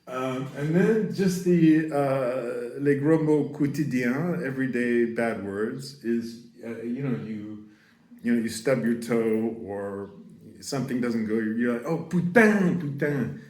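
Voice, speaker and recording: An American man giving a casual, profane French lesson, rambling with laughs and shouting out example curses. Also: medium pitch, slow, reverberant. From United States. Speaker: French teacher.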